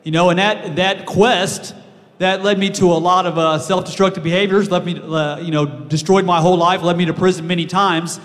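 A man's voice: high voice, fairly even intonation, fairly bright tone. Man sharing his testimony, hesitant, stop-start, reverberant hall. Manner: halting, with many fillers and restarts. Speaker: guest speaker sharing testimony. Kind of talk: personal testimony.

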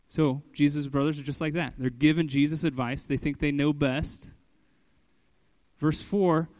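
A man's voice: on the high side, normal speed, a little mellow, dry recording. A young adult man giving casual Bible teaching as a pastor, conversational, often saying "like" and "okay" and voicing quoted lines with animation.

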